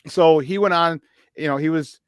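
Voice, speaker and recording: A man co-hosting a sports talk show, telling a story in a lively, rambling way with many restarts and acted-out quotes. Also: on the high side, normal speed, clear, resonant tone, no echo, studio quality. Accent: Chicago.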